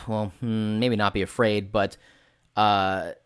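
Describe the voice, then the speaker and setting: Male co-host, low voice, loose rambling talker, dry close sound. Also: flat delivery, slow pace, clean tone, no room sound. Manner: rambling, swears casually, acts out quotes in put-on voices. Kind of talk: casual chat about tabletop role-playing.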